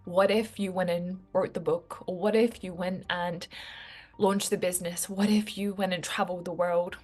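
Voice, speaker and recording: A woman's voice: lowish voice, steady tone, moderate pace, darkish tone, faint music behind. A woman talking to her viewers in a heartfelt, reflective way, full of casual fillers. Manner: earnest, reflective, many fillers like "like". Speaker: vlogger. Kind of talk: heartfelt personal talk to camera.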